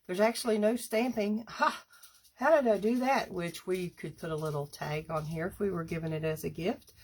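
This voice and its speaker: A woman demonstrating a paper craft on a live stream, chatty and unhurried, stopping now and then to clear her throat. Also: lowish voice.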